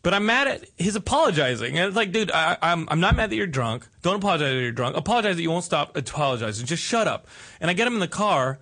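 High, bright-voiced man telling stories. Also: fast talker. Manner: animated, acts out quotes in put-on voices. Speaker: podcast host. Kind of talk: casual storytelling chat.

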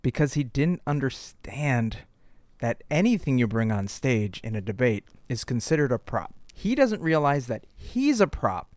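A man co-hosting a casual comedic chat, cutting in with quick jokes and references. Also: medium pitch, sing-song, darkish tone, dry recording. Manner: quick joking interjections. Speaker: podcast co-host.

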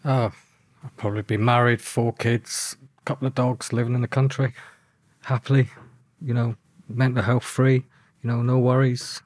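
A man from England recounts his past in a halting, hesitant way, with a flat, even delivery. His voice sits in the middle range and is recorded close and dry. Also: mid-range voice, no echo. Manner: hesitant, halting, many restarts. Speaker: guest who was kidnapped. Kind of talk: reflective personal account.

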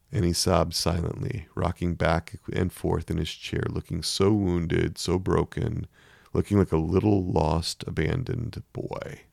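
A man narrating a story in a measured, emotive reading. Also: deep voice, steady tone, vocal fry, a little mellow, no echo, clean studio sound.

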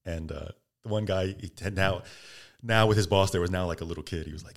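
A low-voiced man talks quickly as a podcast guest, casually spinning a story. He's an animated storyteller who acts out the quotes with plenty of energy.

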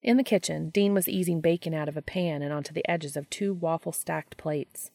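A woman narrating a story aloud in a calm, steady reading voice. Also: low voice, fairly quick, creaky, no room sound, clean studio sound. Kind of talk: audiobook reading of fan fiction.

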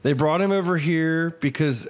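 A man's voice: a little high, moderate pace. A man co-hosting a podcast, chatting casually about movies in a laid-back way.

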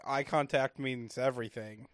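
A man's voice: medium pitch, fairly even intonation, moderate pace, no room sound, clean studio sound. A man co-hosting a podcast in a casual recap chat, dropping wry comic asides. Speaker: podcast co-host.

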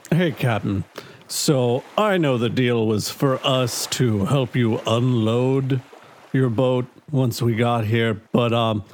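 A man playing a tabletop game, talking in a hesitant, polite way with small pauses. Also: medium pitch, a little mellow. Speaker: player. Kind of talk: casual tabletop play.

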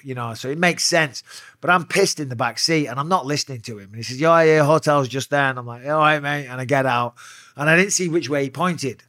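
Man, retired fighter, bright punchy delivery, dry close mic. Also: mid-range voice, dry recording. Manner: profane, animated storyteller. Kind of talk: casual storytelling interview.

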